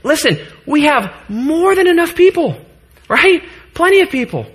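A man's voice: extremely high pitch, sing-song, moderate pace, fairly bright tone. A man in his thirties preaching a sermon to his congregation in a church, earnest, joking at times and getting choked up. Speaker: pastor.

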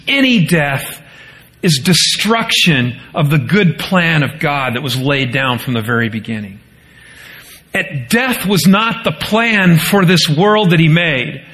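A man preaching a sermon as pastor, rising into pleading quotes and dropping low and quiet for solemn points.

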